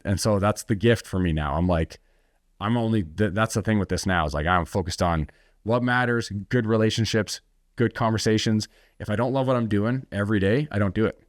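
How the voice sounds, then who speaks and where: A man's voice: lowish voice, brisk, dry recording, studio quality. A middle-aged man, an entrepreneur guest, telling his story bluntly and intensely in a podcast interview, swearing freely and acting out what others said.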